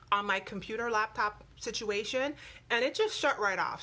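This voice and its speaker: A woman's voice: mid-range voice, sharp tone. A young woman from the US Virgin Islands with an island accent, chatting animatedly to viewers on a Facebook Live from her home staircase. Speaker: vlogger. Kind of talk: casual Facebook Live chat.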